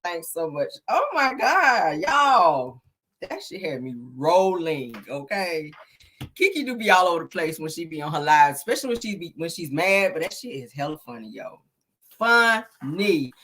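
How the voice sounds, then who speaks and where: A woman hosting a casual gossip commentary show, animated and laughing as she talks. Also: fairly low pitch, moderate pace. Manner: animated, laughing, sprinkles "honey" and "child". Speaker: gossip channel host.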